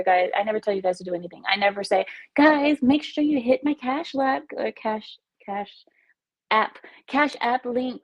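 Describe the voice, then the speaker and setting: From her home, a woman from Texas hosts an informal livestream on wireless earbuds, giggling, chatting and teasing herself as she goes through comments. She has a mid-range, slightly mellow voice, and the recording is low quality.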